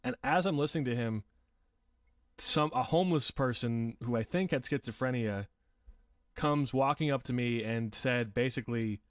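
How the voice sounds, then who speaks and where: A man's voice: mid-range voice, moderate pace, dry recording, studio quality, far from the mic. A man hosting a casual livestream, reading viewer comments and rambling in a self-deprecating way, laughing often and swearing. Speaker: livestream host.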